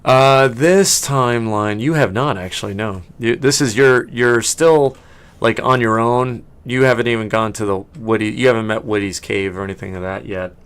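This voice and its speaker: A man's voice: medium pitch, moderate pace, clean tone. A man narrating as game master of a tabletop role-playing game, chatty and rambling, with many fillers and laughs.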